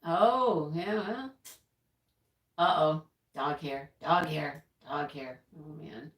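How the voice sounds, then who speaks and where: A woman's voice: low-pitched, slow pace, roomy sound. A woman hosting a casual livestream, chatting and rambling as she reads the chat aloud, often laughing. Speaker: livestream host.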